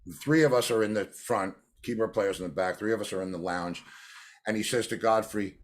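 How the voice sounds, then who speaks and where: A male drummer and producer tells anecdotes in an interview, animatedly acting out the voices of the people involved. He speaks fairly quickly in a fairly low voice.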